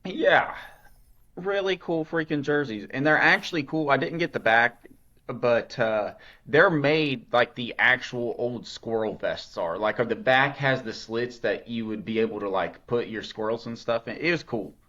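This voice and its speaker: Man, podcast co-host, casual rambling chat, easygoing, mid-pitched voice. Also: a little slow, bright, forceful tone, highs cut off. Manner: rambling, laid-back, swears casually.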